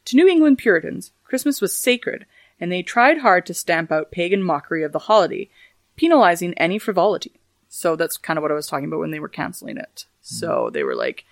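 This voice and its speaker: A woman's voice: lowish voice, huge pitch swings, brisk, creaky, no room sound. A woman hosting a casual history podcast, reading facts and adding dry, joking asides. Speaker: podcast host.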